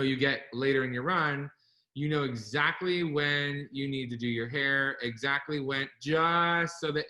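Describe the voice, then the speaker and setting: Bright-voiced animated male storyteller. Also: mid-range voice. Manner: animated storyteller, laughs while telling stories. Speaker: co-host. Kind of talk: casual online chat.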